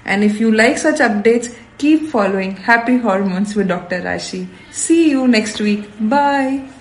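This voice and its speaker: A woman's voice: on the high side, lively intonation, unhurried, slight background noise. A woman doctor with an Indian accent, giving an upbeat, scripted health talk with emphatic repetition. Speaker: endocrinologist hosting a health show. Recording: roomy echo.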